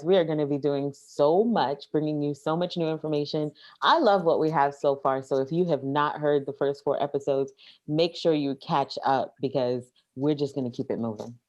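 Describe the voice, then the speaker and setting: A woman's voice: deep voice, a little mellow, muffled recording. A Caribbean American woman co-hosting a casual podcast chat, playful and giving emphatic, repeated advice. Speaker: podcast co-host.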